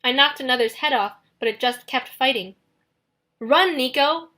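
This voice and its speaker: A woman reads a first-person audiobook with steady, dramatic storytelling. Her voice is fairly high and bright, with a forceful edge. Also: brisk. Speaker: audiobook narrator.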